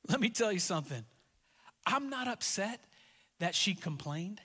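A man's voice: high-pitched, sing-song, a little slow, bright, forceful tone, slightly rough, long reverb tail. A man in his thirties preaching a sermon, telling a family story in a conversational way and repeating key lines for emphasis. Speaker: pastor.

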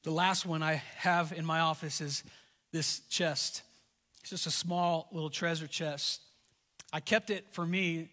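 A middle-aged male pastor delivers a sermon in a high, bright, forceful voice. He is earnest and animated, stumbling and repeating words as he tells personal stories. The sound carries a long reverb, as in a large hall. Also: measured pace.

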